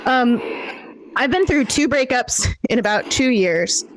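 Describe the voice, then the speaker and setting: A woman's voice: a little high, lively intonation, unhurried, a little hiss or hum, poor audio. Self-deprecating woman doing stand-up. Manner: self-deprecating, punchy storytelling. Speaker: stand-up comedian. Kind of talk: stand-up set on a video call. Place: home in a warm city, daytime. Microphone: handheld microphone.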